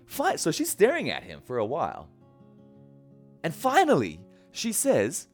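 A man's voice: on the high side, huge pitch swings, unhurried, faint music behind. A man preaching a casual sermon, retelling a story and acting out the characters' lines in a conversational way. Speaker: pastor.

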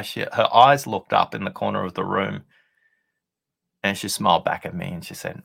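A man being interviewed as a podcast guest, telling a workplace anecdote in a deliberate, conversational way with pauses for effect. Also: fairly low pitch, vocal fry, a bit bright, husky. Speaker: podcast guest, listening expert.

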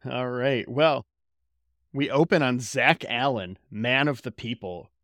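A man's voice: medium pitch, measured pace, dry recording, clean studio sound. A young man co-hosting a podcast, casually and jokingly recapping a TV episode. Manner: joking, animated, does voices. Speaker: podcast co-host. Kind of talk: casual chat recapping a TV show.

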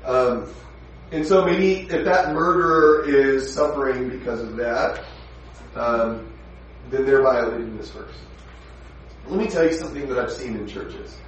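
A man's voice: fairly high pitch, animated, measured pace, long pauses. A male pastor teaching verse by verse in a conversational, emphatic sermon, often asking his listeners questions. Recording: echoey room from a distant mic, faint noise.

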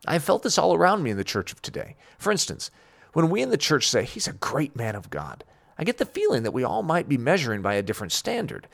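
A man's voice: a little high, very animated, quick pace, vocal fry. A man delivering a scripted Christian radio commentary, telling a story about his son and then preaching earnestly.

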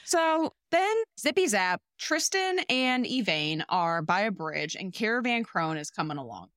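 A woman's voice: mid-range voice, big pitch swings, unhurried, a bit bright, no echo, studio quality. A woman co-hosting a podcast, animatedly retelling a film's plot in casual chat, with swearing and playful sound words. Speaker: podcast co-host. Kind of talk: casual movie recap chat.

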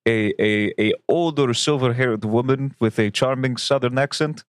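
A man playing a polite, hesitant gentleman. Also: medium pitch, moderate pace, clear, resonant tone, no echo, studio quality, natural voice. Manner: polite and hesitant, many fillers. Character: courteous young gentleman, polite and uneasy.

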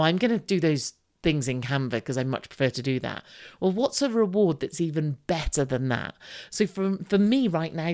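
A woman in her forties hosting a solo podcast, giving candid, chatty, self-deprecating advice. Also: a bass voice. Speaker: podcast host.

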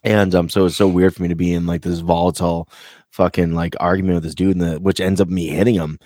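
Low-voiced rambling American man. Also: level tone, fast, warm tone, no echo, studio quality. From United States. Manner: rambling, heavy on "like" and swearing. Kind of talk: casual chat.

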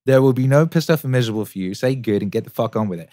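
A man doing a quick impression of a stern male military podcaster, blunt and profane. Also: medium pitch, animated, warm tone, no room sound, studio quality, lightly acted.

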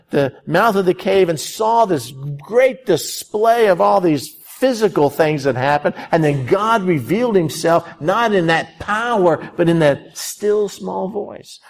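A man delivers a sermon in a gravelly voice that sits a little high. He tells the story with emphasis and puts rhetorical questions to his listeners. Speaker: pastor.

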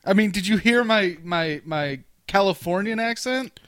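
A high-pitched man with a very animated voice reacts to a co-host, joking and swearing. The sound is close and dry, without room echo. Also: clear, resonant tone. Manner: joking, swearing, quick to laugh. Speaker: podcast co-host. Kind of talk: casual chat.

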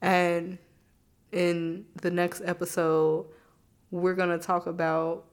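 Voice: medium pitch, level tone, takes it slowly, smooth. A podcast host with a sick voice and a cough, talking in a loose, conversational way about faith and dreams. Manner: loose and conversational, heavy use of "like". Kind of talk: casual spiritual reflection.

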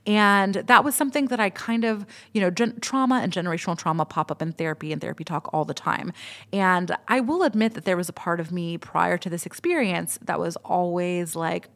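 A woman's voice: lowish voice, brisk, creaky, a bit bright. A woman in her thirties, a podcast host, telling a personal story in a candid, chatty way and swearing freely. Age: 30s.

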